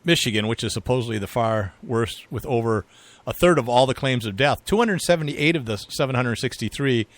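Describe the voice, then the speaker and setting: A man's voice: medium pitch, lively intonation, a little fast, hardly any pauses, no room sound. Male co-host, casual and rambly, dry close recording. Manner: rambling, chuckling, filler-heavy. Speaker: podcast co-host. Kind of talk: casual political chat.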